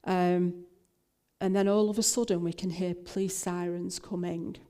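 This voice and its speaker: A woman's voice: lowish voice, flat delivery, unhurried, dark tone. An older woman minister, telling a personal story in a talk, with frequent fillers and restarts.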